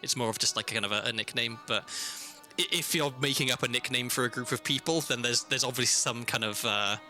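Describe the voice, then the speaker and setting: A man's voice: mid-range voice, a little fast, sharp tone, soft background music. A young man with a South Welsh accent, chatting casually and telling rambling stories while streaming a game. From South Wales. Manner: rambling, self-interrupting storyteller.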